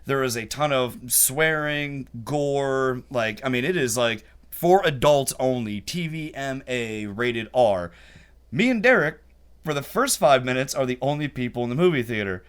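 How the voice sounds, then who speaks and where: A man's voice: medium pitch, animated, a little slow, clean tone. A man hosting a casual podcast chat, who laughs often while telling stories. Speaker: podcast host.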